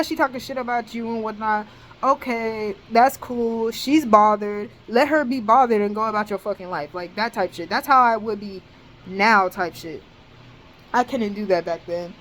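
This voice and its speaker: Her pitch fairly high, a young college woman recounts a story for her vlog in poor-quality audio. The talk is slangy, profane and lively, heavy with fillers such as "bro" and "dead ass."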